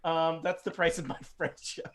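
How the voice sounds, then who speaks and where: A man's voice: a little high, fairly even intonation, moderate pace, a little hiss or hum. A man running a tabletop game as game master, joking and poking fun at himself. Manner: joking, self-mocking. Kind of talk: casual tabletop game chat.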